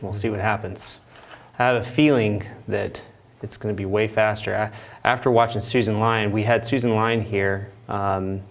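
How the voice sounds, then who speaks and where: A man hosting a live painting stream, chatting casually and telling loose, rambling stories in a relaxed way. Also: lowish voice, moderate pace, few pauses. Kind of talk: casual chat while painting. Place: art studio.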